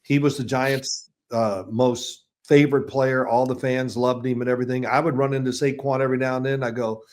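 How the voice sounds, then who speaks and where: A man's voice: medium pitch, flat delivery, a little fast, a little mellow. A man in his sixties, a football analyst guest, telling chatty, rambling anecdotes with restarts and chuckles in a casual interview.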